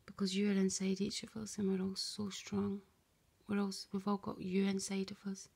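Woman, confiding rambling monologue, husky, flat delivery, slips into whispers. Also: mid-range voice, normal speed. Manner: hushed, often drops to a whisper; meandering and confiding, voices both sides of an imagined dialogue. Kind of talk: rambling spoken monologue to camera.

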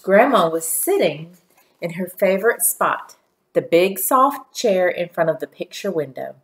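A woman reading a children's storybook aloud in a gentle, steady storytelling manner. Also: on the low side, unhurried. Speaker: narrator.

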